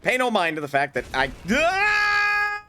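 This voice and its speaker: A man's voice: fairly high pitch, big pitch swings, fast. A man streaming a hard game, chatting casually, swearing often and breaking into mock-grand speeches. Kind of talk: casual gameplay commentary.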